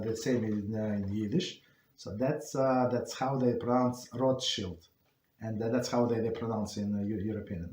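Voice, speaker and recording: A man telling a story to a religious study class and leading the session, speaking haltingly and often restarting or correcting himself. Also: on the low side, a little mellow, slight background noise. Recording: roomy echo.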